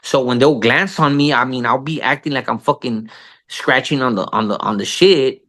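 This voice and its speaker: A man in his thirties, a podcast guest, telling stories in casual slangy talk full of cursing, calling people "bro" and "fool", and jumping up in pitch to act out the voices of people he quotes. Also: normal speed, a bit bright. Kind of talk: casual storytelling interview.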